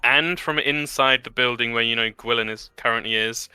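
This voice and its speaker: A man narrating a tabletop game as game master, relaxed with many fillers. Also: mid-range voice, normal speed, hardly any pauses, clean tone, no echo.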